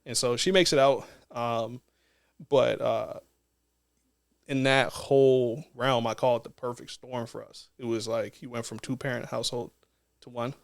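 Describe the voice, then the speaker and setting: A man's voice: medium pitch, steady tone, unhurried, vocal fry. A man, a non-profit co-founder, telling a personal story in a casual interview in an earnest, reflective way.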